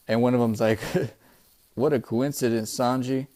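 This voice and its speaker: A man's voice: medium pitch, measured pace, long pauses, dark tone. A man giving a casual, profane manga chapter review as host, rambling with frequent restarts and calling listeners bro and dude. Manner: profane, laid-back, says "bro" and "dude" a lot; rambling, many restarts and fillers.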